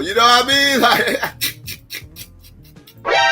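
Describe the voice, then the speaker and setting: Man, live stream host, profane rant, high voice, bright and sharp, faint music behind. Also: takes it slowly, long pauses. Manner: heated, blunt and repetitive, addressing viewers directly. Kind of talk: profane political commentary.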